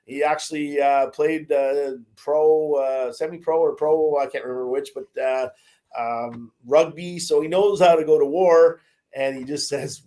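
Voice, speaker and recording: A man's voice: a little high, measured pace, darkish tone. A man co-hosting a casual sports chat, rambling with lots of fillers and restarts. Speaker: podcast co-host. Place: Caribbean, remote.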